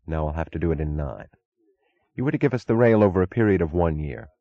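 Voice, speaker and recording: A man's voice: deep voice, fast talker, narrow, tinny audio. A man voicing a determined female railroad executive who speaks evenly and directly. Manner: even, direct, businesslike.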